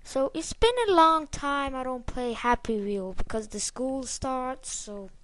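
High-voiced excitable gamer woman. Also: a little slow. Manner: excitable, swears and cheers herself on. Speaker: gameplay commentator. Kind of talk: let's play commentary.

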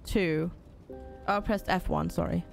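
A woman's voice: on the low side, fairly even intonation, measured pace, vocal fry, faint music behind. A woman casually commenting on a game during a live stream, reading on-screen tutorial text aloud and chatting with and thanking viewers.

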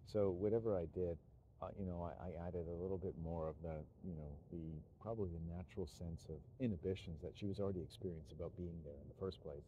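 A man talking in a rambling monologue, meandering and halting, with frequent restarts and chuckles. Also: sits low, fairly even intonation, mellow, highs cut off, a little hiss or hum.

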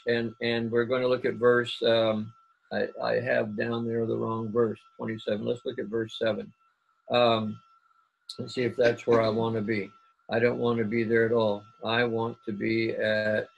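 A man preaching a sermon on a video call, reading scripture aloud and pausing often to search for his words. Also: mid-range voice, gravelly, slightly rough, poor audio. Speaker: pastor. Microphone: computer mic on a video call.

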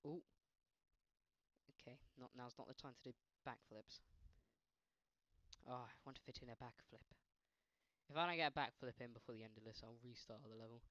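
A man's voice: medium pitch, a little fast, long pauses, no echo. A man with a faint Scottish accent doing jokey let's-play gaming commentary, yelping at the game. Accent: slight Scottish. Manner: excitable, yelps and laughs at the game, jokey asides.

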